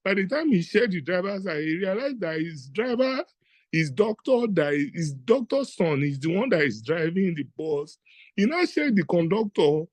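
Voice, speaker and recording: A man with a Nigerian accent doing stand-up storytelling on stage, animated and acting out the people in his tale. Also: sits high, moderate pace, dry recording. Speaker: comedian. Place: stage at a live event.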